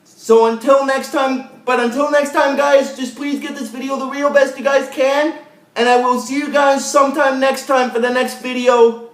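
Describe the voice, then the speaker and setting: A man's voice: very high-pitched, flat delivery, normal speed. A young man casually recapping a TV episode for his video channel, rambling with lots of fillers and repeated sign-offs. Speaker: video host. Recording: roomy echo.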